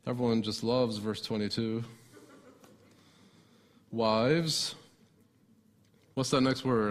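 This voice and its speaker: A man preaching a sermon as a pastor, asking the congregation rhetorical questions. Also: medium pitch.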